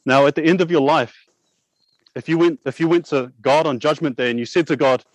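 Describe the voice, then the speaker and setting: A young man preaching a sermon, asking rhetorical questions, repeating words and slowing down to press key points. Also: fairly high pitch, dry recording, poor audio. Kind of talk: sermon with props.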